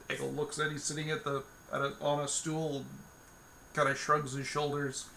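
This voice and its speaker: A man talks his way through a solo tabletop game, wandering and restarting his sentences as he invents the scene. His voice sits a little high, bright and crisp, with a gravelly fry. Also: monotone, normal speed, slight background noise. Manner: meandering, many fillers and restarts.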